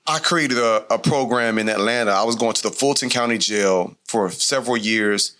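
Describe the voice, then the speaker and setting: A man hosting a live podcast taping on a conference stage, telling a story in an animated way and acting out quotes. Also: lowish voice, moderate pace. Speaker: podcast host.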